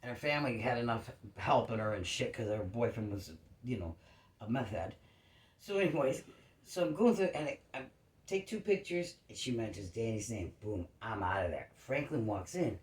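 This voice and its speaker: A woman's voice: extremely low pitch, moderate pace, echoey room. A woman telling a long, rambling story about her neighbors in casual chat, swearing freely. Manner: rambling, profane, animated storytelling.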